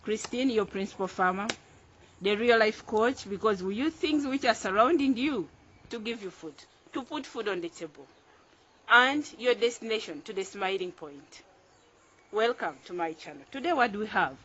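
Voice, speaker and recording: A woman farmer on her own channel gives a casual outdoor tutorial on planting crops, working with her hands and repeating phrases. Her medium-pitched voice is expressive, fairly bright and normally paced, upbeat and instructive, though the recording is dull and lo-fi.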